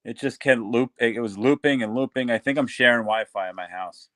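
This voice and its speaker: A man's voice: mid-range voice, brisk, fairly bright tone. A man with a Long Island accent on a video call, easygoing and greeting viewers by name. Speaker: stream co-host guest. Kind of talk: casual video call chat.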